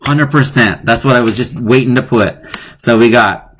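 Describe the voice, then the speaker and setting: A man's voice: mid-range voice, moderate pace. A man hosting a live online lesson, playful and chatty, often chuckling at his own jokes. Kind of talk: casual live-streamed lesson.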